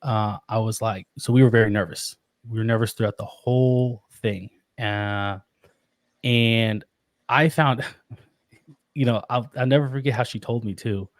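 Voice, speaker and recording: A man in his thirties telling a personal story in casual conversation, animated and laughing often. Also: on the low side, unhurried, no room sound, studio quality. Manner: animated, laughs often, acts out quoted voices. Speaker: podcast guest.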